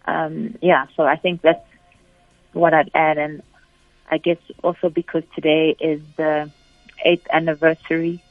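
A woman's voice: low voice, flat delivery, a little slow, dry recording, faint music behind. A woman, a guest musician, giving thoughtful, hesitant, earnest answers in an interview. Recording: tinny phone-like line.

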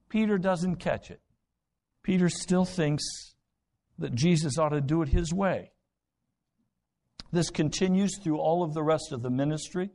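A male pastor delivering a sermon with a slightly raised pitch. He preaches dramatically, slipping into the voices of Bible characters and firing rhetorical questions at the congregation. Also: unhurried, long pauses, a little mellow.

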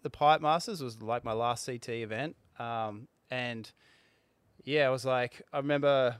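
A man in his forties, a former pro surfer, telling a story in a halting way, with restarts and fillers. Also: medium pitch, clear, resonant tone, no room sound. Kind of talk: casual interview storytelling.

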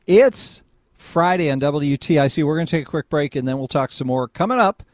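A man's voice: fairly high pitch, lively intonation, fairly quick, no room sound, studio quality. A man hosting a call-in radio talk show, rambling and conversational. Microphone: studio microphone.

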